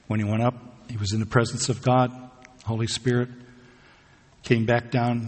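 Husky guy pastor giving a sermon, chatty storyteller, big echoey hall. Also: mid-range voice. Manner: conversational storytelling with laughs and asides. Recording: long hall reverb.

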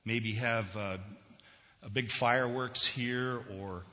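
A male pastor delivers a sermon in a bright, forceful voice and keeps quizzing his congregation. The recording is dull and lo-fi, with a long church reverb around him. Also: mid-range voice, steady tone, takes it slowly. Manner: conversational, questions the congregation. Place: church sanctuary.

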